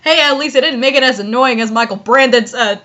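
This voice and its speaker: A woman's voice: high-pitched, quick pace, pushed and bright, muffled recording. A young woman reading fanfiction aloud in a casual, rambling way, with lots of fillers and giggles between lines. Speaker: fanfiction reader.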